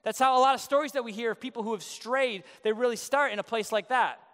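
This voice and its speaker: A man's voice: extremely high pitch, quick pace, fairly bright tone, big-room sound. A male pastor preaching a sermon in a casual, joking way, acting out the quotes in his story. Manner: conversational, joking, acts out quotes.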